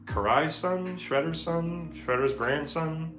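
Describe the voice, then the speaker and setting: A man's voice: fairly high pitch, slow, fairly bright tone, slight background noise. A man chatting loosely and rambling on a live stream while he paints, with frequent swearing. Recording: echoey room with music in the background.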